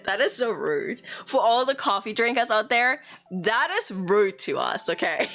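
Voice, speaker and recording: A woman's voice: medium pitch, big pitch swings, unhurried, a bit bright, faint music behind. A young woman streamer chatting playfully and casually while teaching Japanese words, swearing now and then. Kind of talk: casual live-stream chat.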